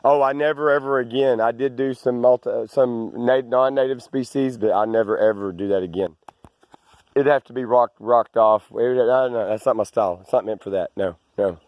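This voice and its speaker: In this outdoor walk-and-talk, a breathless Arkansas man films his rural land and rambles, restarting and drifting into tangents. His mid-range voice is a little mellow, at normal speed, with no room sound.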